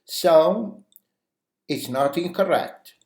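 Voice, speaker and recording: Slow-paced male English teacher. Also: on the high side. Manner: acts out example phrases in a lively way; uses many "you know" fillers. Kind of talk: language lesson. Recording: roomy echo.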